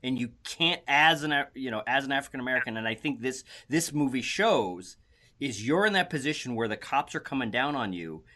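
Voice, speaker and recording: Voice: medium pitch, expressive, a little fast, pushed and bright. A podcast co-host in casual film talk, listening closely and teasing the other host with corrections. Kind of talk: casual movie review chat.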